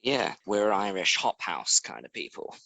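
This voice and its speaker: A man's voice: fairly low pitch, sing-song, unhurried, creaky, sharp tone, no room sound. A man co-hosting a true crime podcast, retelling a case in casual chat with dry joking asides.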